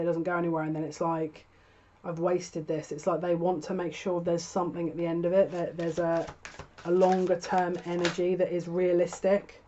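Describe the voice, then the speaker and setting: A woman talks through a tarot spread, musing and hesitant, often restarting her sentences. Her voice sits low and stays level, with little rise and fall. The recording sounds dull and lo-fi. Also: warm tone. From United Kingdom. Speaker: tarot reader. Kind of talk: tarot reading monologue.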